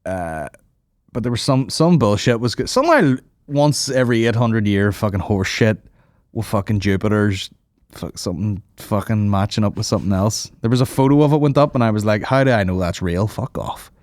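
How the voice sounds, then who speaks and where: A man's voice: on the low side, lively intonation, fairly quick, a little mellow, no room sound, studio quality. Sweary rambling podcast host, man. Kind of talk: casual comedy banter.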